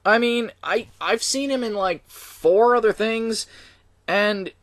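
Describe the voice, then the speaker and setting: A man's voice: high voice, slow, no room sound, clean studio sound. A young man giving a casual spoken movie review, opinionated and hesitant, full of ums and restarts. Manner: opinionated, lively complaining. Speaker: film reviewer.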